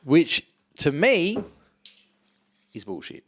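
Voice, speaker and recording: Profane ranting man, lively voice. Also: a little high, slow pace. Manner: blunt, heavily profane, animated ranting. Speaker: podcast co-talker. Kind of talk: casual podcast chat.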